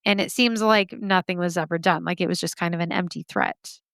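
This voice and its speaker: Smooth-voiced woman, sarcastic true-crime host. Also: lowish voice, steady tone, a little fast, a bit bright, no echo. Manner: sarcastic, chatty asides. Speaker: podcast host. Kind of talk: casual true-crime storytelling.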